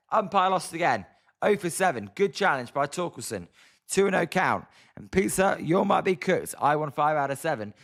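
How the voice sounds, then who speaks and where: A British man with a slightly high, fairly bright voice gives casual live-stream play-by-play of a ball game as a watch-along. Exasperated and chatty, he reads viewer comments aloud and answers them.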